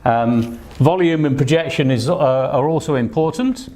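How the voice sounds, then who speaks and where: A man's voice: fairly high pitch, normal speed, warm tone. A man teaching an online English speaking test lesson, patient and encouraging, with frequent fillers as he explains.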